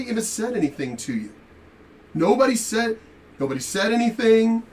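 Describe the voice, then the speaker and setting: A man telling a story in a profane, animated rant while commenting on a reaction video. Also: very high-pitched, moderate pace, distant mic, a little hiss or hum. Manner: animated, profane, laughing asides.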